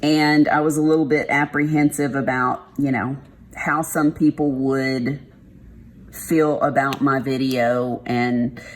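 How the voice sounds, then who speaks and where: Low, slow-talking Texan woman, casual and blunt craft vlogger. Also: steady tone. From Texas. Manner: rambling, frank, uses y'all and mild swearing. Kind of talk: casual chat while diamond painting.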